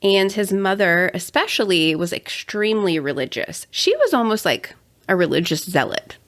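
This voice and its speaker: A woman's voice: medium pitch, very animated, normal speed. A young adult woman co-hosting a casual true-crime podcast, chatty with sarcastic asides. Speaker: podcast co-host.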